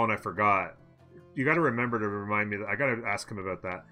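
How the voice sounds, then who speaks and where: A man talks through a strategy game in live commentary, muttering his plans to himself and answering his viewers. His voice sits fairly low but sounds very bright and forceful, with a tense edge. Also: fast, faint music behind. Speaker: let's play host.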